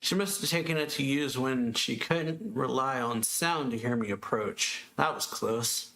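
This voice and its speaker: A man reading out the lines of a cold, vengeful teenage boy from a manga, in a flat, slightly raised voice. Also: a little slow, gravelly. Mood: calm, scheming. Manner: reads quoted dialogue flatly, slightly higher than his narration. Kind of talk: reading manga dialogue aloud.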